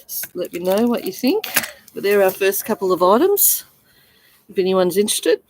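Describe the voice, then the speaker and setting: A woman's voice: mid-range voice, big pitch swings, normal speed, a little mellow, slight background noise, poor audio. An Australian woman chatting casually on her first livestream, showing and selling coins, gushing and full of fillers. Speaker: coin seller on a livestream. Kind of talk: casual live selling chat.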